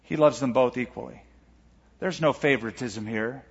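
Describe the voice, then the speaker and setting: A man's voice: medium pitch, normal speed, vocal fry, breathy edge. A male pastor preaching a sermon in an earnest, emphatic way in a church auditorium. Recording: echoey hall, dull lo-fi sound.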